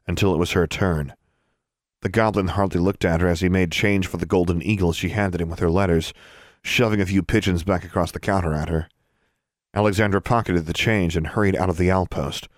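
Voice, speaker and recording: A man narrating a fantasy novel as an audiobook in a steady, even storytelling manner. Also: deep voice, dry recording, studio quality.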